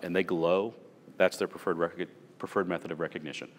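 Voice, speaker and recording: A man's voice: low voice, fairly even intonation, fast, in a large hall. A man leading a supervisory training session, telling stories from his own work and asking the group rhetorical questions. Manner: conversational, story-driven, asks rhetorical questions. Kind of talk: workplace training talk.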